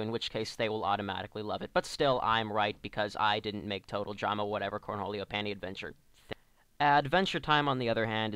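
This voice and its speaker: A man's voice: on the low side, fairly bright tone, clear, resonant tone, dry recording. A man delivering a scripted comedic review rant as an online reviewer, sarcastic and exasperated.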